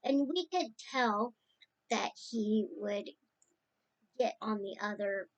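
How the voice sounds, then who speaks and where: A woman's voice: mid-range voice, takes it slowly, highs cut off. A woman speaking casually and tenderly as she remembers her late uncle, rambling from one story to the next. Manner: rambling and tender, drifting between stories. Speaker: niece sharing memories of her late uncle.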